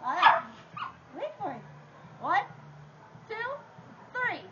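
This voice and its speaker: A woman with a very high voice runs a live dog show on an outdoor faire stage. She talks to the crowd in a playful, theatrical way. The recording sounds dull and lo-fi, with clear noise behind her. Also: huge pitch swings, takes it slowly.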